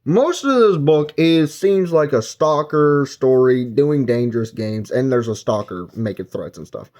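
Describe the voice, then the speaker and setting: An expressive, slightly mellow mid-range male voice, in no hurry, retells a book's plot in a loose, rambling review. He uses filler words and briefly acts out lines from the characters.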